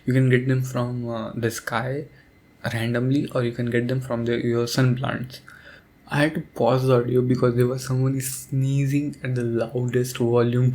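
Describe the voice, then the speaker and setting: Sleepy young guy rambling about a game, soft, lots of ums, mid pitch, sleep aid vibe. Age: young adult. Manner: drowsy, hesitant, soft-spoken with many fillers. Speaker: audio creator.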